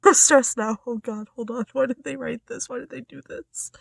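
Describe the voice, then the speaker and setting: A young woman vlogging about her reading, her high voice bouncing between quiet musing and excited bursts, with plenty of fillers. The sound is dry and close, with no room around it. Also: normal speed, vocal fry, breathy edge, dry recording. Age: young adult. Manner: chatty, excitable, filler-heavy, swings between hushed and loud. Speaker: book vlogger. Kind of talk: casual reading vlog chat.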